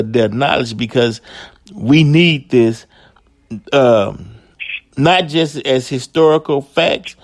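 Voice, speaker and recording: A man hosts the show and backs up his guest with "right" and "mm-hmm". He speaks very slowly. The sound is dry and close. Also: medium pitch, darkish tone, no room sound. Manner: affirming, says "right" a lot, unhurried. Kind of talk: casual radio talk.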